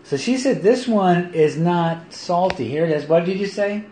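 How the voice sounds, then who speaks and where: A chatty middle-aged man talking on a home livestream, with a voice that rises and falls a great deal and sits a little high. He is recorded on a phone in an echoey kitchen with a faint hiss underneath. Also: moderate pace. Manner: chatty, lively, laughs often. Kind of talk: casual livestream chat.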